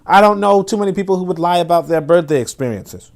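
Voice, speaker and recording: High-voiced Brooklyn man, emphatic livestream host. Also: expressive, quick pace, gravelly. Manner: emphatic, repeats words when building a point; reads viewer comments aloud. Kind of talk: casual livestream commentary.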